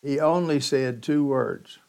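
A male pastor delivering a sermon at an unhurried, deliberate pace. His voice sits in an ordinary middle register, and he leans hard on key words with dramatic pauses between phrases. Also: mid-range voice, vocal fry, a little mellow, clear, resonant tone. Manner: slow, emphatic teaching with dramatic pauses.

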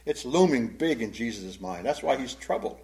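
Animated man teaching the Bible. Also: medium pitch, normal speed. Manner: animated, acts out quotes.

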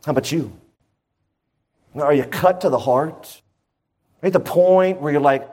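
A man's voice: on the high side, normal speed, long pauses, darkish tone. A man preaching a sermon to his church in an emphatic, conversational way, full of rhetorical questions. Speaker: pastor.

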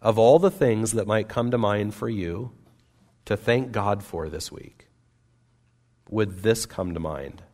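A man preaching a sermon as pastor, earnest and emphatic, with wide swings between loud and soft. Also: fairly low pitch, takes it slowly. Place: church sanctuary. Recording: long reverb of a church hall.

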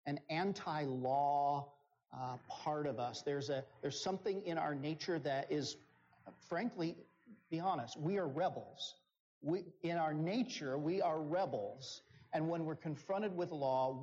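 A man preaching a sermon, slow and deliberate, rising in pitch on key phrases. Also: a little mellow. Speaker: pastor. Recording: dull, lo-fi sound.

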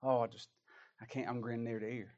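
A man's voice: medium pitch, flat delivery, fast, a little mellow, dull audio. A man preaching a sermon, reading scripture aloud and asking emphatic rhetorical questions.

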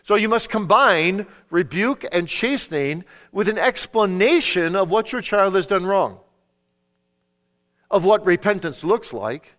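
Earnest preaching man, higher voice. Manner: earnest, swings between emphatic preaching and quiet storytelling; quotes scripture with measured emphasis. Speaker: conference speaker on parenting. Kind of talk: sermon-style teaching talk.

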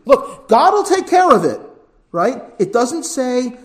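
In a high, sing-song voice at a slightly slow pace, a man preaches as pastor, swelling into loud, emphatic lists and then softening to quiet pleas. "Right?" he keeps asking the congregation.

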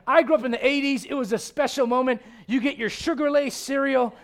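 A man in his forties preaching a sermon in a church, animated and joking with the congregation between Bible readings. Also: very high-pitched, brisk. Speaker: pastor.

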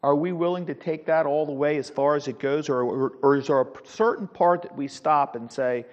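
A man leading a Sunday school Bible class, teaching in an animated, preacherly way with the odd chuckle. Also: fairly high pitch, a little fast, hardly any pauses, in a large hall, highs cut off. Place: church classroom.

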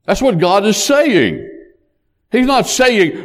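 Slow, expressive preacher in a reverberant hall. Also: male voice, sits high. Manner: emphatic, preacherly cadence that rises on key points. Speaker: pastor. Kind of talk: sermon.

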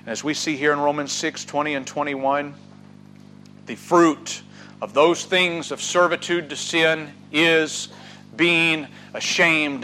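A man preaching a sermon, swinging from loud urging to hushed, drawn-out words. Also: a little high, steady tone, a little hiss or hum, low-quality recording. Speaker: pastor.

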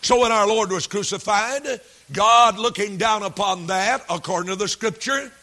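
Preaching a sermon, a man reads scripture aloud slowly and deliberately, repeating key phrases and verse references with frequent fillers. His voice is high, bright, and forceful.

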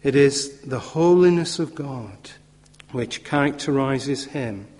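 Slow, measured male preacher in a hall. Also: mid-range voice, darkish tone. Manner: measured, emphatic repetition with occasional fillers. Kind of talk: sermon. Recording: long hall reverb.

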